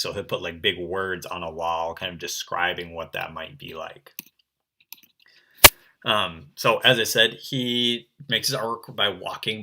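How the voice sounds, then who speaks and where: A young man teaching an online art lesson to children, chatty and relaxed, with lots of fillers. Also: low-pitched. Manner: relaxed and chatty, full of um and kinda.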